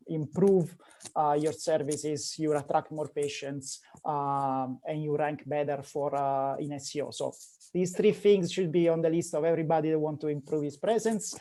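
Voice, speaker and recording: A man's voice: fairly high pitch, steady tone, moderate pace, warm tone. A man from Rome with an Italian accent, a guest speaking plainly and matter-of-factly in a casual interview. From Rome, Italy. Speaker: guest, dental marketing agency.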